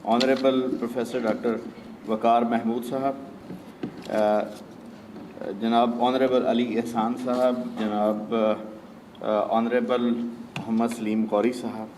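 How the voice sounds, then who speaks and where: Halting man giving a keynote. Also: medium pitch, level tone, darkish tone, a little hiss or hum. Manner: measured, hesitant, many filler pauses. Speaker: university official and keynote speaker. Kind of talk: formal conference address. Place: conference auditorium. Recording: echoey hall, mic at a distance.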